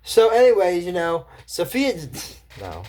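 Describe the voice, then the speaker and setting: A woman recapping a cartoon episode in a casual, rambling way, correcting herself as she goes and slipping into quick character voices. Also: fairly low pitch, wildly swooping pitch, a little mellow. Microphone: camera mic.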